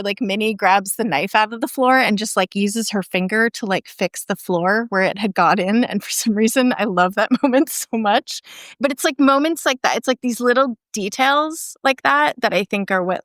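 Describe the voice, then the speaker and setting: A woman's voice: mid-range voice, a bit bright, dry recording, studio quality. A woman filmmaker, a podcast guest, retelling a film plot in casual chat and filling it with "like".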